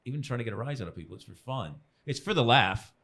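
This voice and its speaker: A man's voice: medium pitch, lively intonation, fast talker, a bit bright. A man, a comedian, chatting casually on a podcast and telling rambling, self-deprecating stories with plenty of swearing. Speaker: comedian guest.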